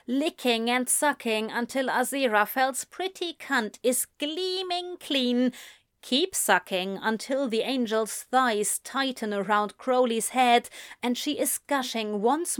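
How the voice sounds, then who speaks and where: A woman reading erotic fiction aloud in a slow, breathy, intimate way. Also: on the high side, a bit bright, no room sound, clean studio sound. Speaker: narrator.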